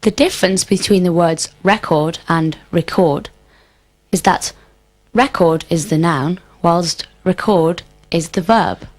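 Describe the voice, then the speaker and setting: A woman's voice: fairly low pitch, slow pace. A woman answering in a scripted language drill, repeating each question as a careful full sentence. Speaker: student in drill.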